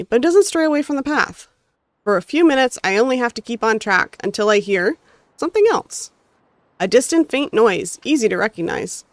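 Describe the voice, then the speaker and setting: A North American woman with a slightly high voice streams a visual novel, reading its story text expressively and breaking off for casual chat with her audience. The recording has no echo.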